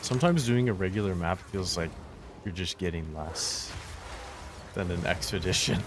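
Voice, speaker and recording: Deep-voiced guy streaming a game, laid back, throat all parched, noisy background. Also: moderate pace. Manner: laid-back, musing aloud. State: parched, losing his voice. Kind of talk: casual gameplay commentary.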